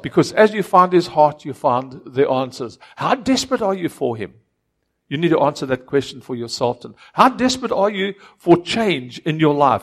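A man preaching a sermon in an earnest way, often repeating and restarting words and swinging between loud and soft. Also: a little high. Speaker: pastor.

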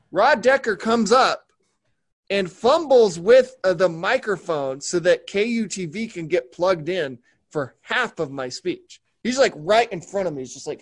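A man's voice: sits high, sing-song, moderate pace, fairly bright tone. A man co-hosting a casual talk show, telling a rambling, self-mocking story. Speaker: podcast co-host. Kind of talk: casual chat.

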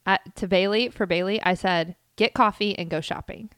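A woman in casual chat with her sister, playful and quick to laugh. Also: medium pitch, fairly bright tone, clean tone, no room sound. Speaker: co-host sister.

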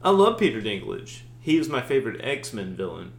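A man co-hosting a podcast in casual chat, animated and swearing freely, slipping into mock voices. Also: mid-range voice, normal speed, creaky, echoey room, slight background noise. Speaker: podcast co-host.

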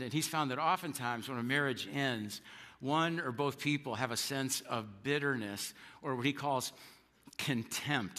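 A man preaching a sermon as pastor, earnest, stumbling over repeated words and playing out quoted spouses with sudden high outbursts. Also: in a large hall. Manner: earnest, repeats words when starting sentences; acts out quoted spouses with sharp jumps in pitch.

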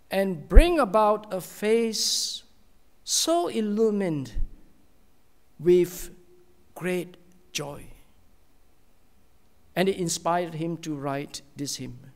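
A man preaching a sermon as a pastor, slow and earnest, with many pauses and often dropping to a soft, hushed tone. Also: high voice, in a large hall.

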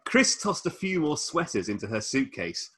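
Husky man reading aloud mockingly. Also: a little high, very animated, moderate pace, sharp tone. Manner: reads in an arch mock-dramatic voice, breaks into laughter. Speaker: podcast host reading a novel aloud. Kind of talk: comedic book reading with banter.

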